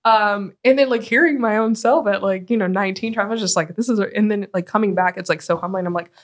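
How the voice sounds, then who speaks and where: A woman guest, a nonprofit executive director, speaking in a casual interview, animated and full of "like" fillers. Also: mid-range voice, fast talker. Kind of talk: conversational interview.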